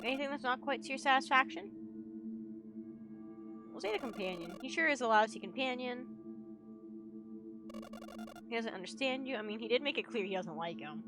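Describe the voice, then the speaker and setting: A sly, sweet-talking presence in a horror game, falsely caring and quick with its reassurances, read out by a woman in a fairly high voice. The lines tumble out fast over steady game music. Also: natural voice. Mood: coaxing.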